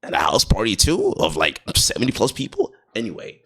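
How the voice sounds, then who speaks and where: A man's voice: lowish voice, wildly swooping pitch, a little fast, fairly bright tone, husky. A young man vlogging a casual storytime, slangy and profane, laughing often and sometimes dropping to a near-whisper.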